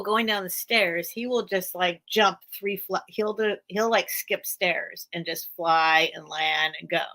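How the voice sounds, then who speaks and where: Casting note: American woman, livestream sale host, bright forceful tone, chatty and rambling. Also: medium pitch. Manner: rambling, chatty, laughs often. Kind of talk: casual livestream chat.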